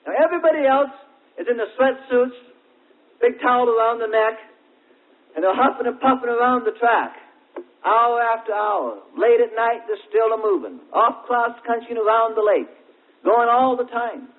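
A man preaching a sermon, telling folksy everyday examples and asking drawn-out, emphatic questions. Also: very high-pitched. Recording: tinny, narrow-band old recording.

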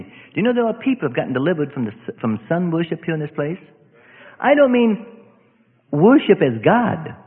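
A male preacher with a slightly high, sing-song voice gives an emphatic, repetitive sermon at a fairly quick pace, often breaking in with "see?". The church assembly hall is echoey, and the sound is tinny, like a phone.

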